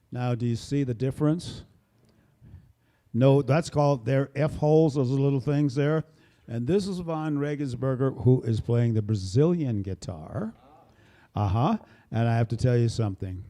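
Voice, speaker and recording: Warm in tone and medium in pitch, an older man talks a little slowly as he leads a band. Into a microphone at a small venue, he introduces his musicians to a live audience with rambling jokes.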